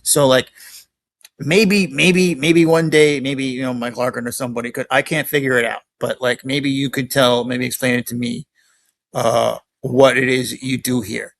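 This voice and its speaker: A man's voice: mid-range voice, level tone, moderate pace, vocal fry, fairly bright tone. Rambling, dismissive man cutting a promo. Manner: rambling and dismissive, full of fillers. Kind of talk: mock wrestling promo.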